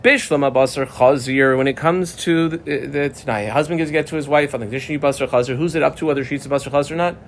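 A man lectures on Talmud in a lively, conversational tone, with a voice set a little high for a man. He moves easily between plain English and the Aramaic terms of the text. A faint noise sits under the recording. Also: fast talker, few pauses. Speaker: Talmud teacher.

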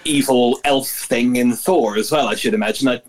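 A man's voice: medium pitch, moderate pace, slight background noise. A man on a podcast panel chatting casually, laughing often and apologizing in a joking way.

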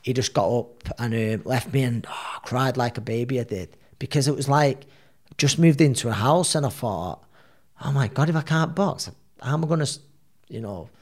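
A man, telling a story as a podcast guest in a rambling, animated way, full of fillers. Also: mid-range voice, normal speed. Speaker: guest, boxer.

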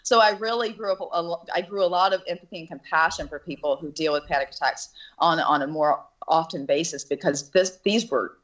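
Woman, low voice, candid personal storytelling, earnest and halting; slightly muffled recording. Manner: earnest, halting, with restarts and nervous laughs. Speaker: actress and interview guest.

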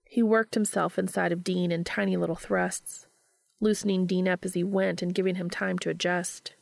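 A woman narrating a story in a steady, even-paced reading. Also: fairly low pitch, moderate pace, vocal fry, no echo, studio quality. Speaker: audiobook reader.

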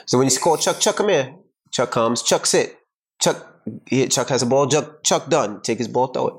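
A man's voice: medium pitch, normal speed, husky. A man co-hosting a podcast in casual chat, laid-back and blunt, telling stories with animation. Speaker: podcast co-host.

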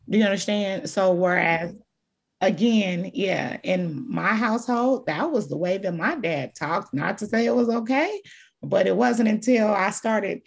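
A woman's voice: fairly low pitch, creaky, husky. A woman guest on a podcast, telling her story in an emphatic and candid way. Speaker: podcast guest, childhood trauma advocate. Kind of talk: conversational podcast interview.

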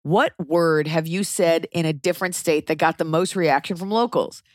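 A woman's voice: deep voice, normal speed, dry recording, clean studio sound. A woman with a New York accent, a listener reading out her question to the show in a friendly, chatty way.

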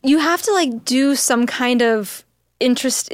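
A woman's voice: sits high, unhurried, dry recording. A young woman chatting casually as a podcast guest, rambling with lots of fillers and laughter. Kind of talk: casual chat.

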